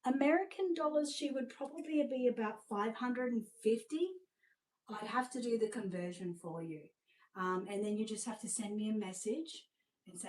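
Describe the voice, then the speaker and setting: A woman's voice: mid-range voice, normal speed, a little mellow, rough recording. Gushing Australian woman selling dolls. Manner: chatty and gushing, many fillers. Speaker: seller presenting reborn dolls. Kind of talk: live sales showcase.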